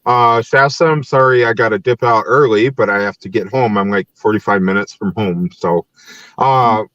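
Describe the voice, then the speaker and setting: A man's voice: lowish voice, normal speed, fairly bright tone, no echo, lo-fi sound. Easygoing man hosting a podcast. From Nashville, Tennessee. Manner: easygoing, laughs often, many fillers. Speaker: podcast host. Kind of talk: casual podcast chat.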